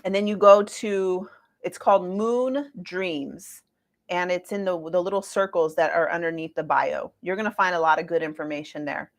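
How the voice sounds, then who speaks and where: A woman in her forties giving a casual astrology talk to viewers, chatty and lively with playful asides. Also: fairly low pitch, normal speed. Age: 40s.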